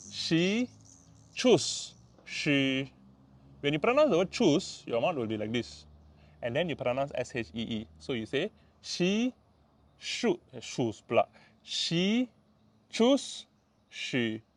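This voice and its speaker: A man with a Malaysian English accent teaching in a casual vlog lesson, patiently repeating words and tagging sentences with "lah" and "ah". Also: mid-range voice. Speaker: language tutor.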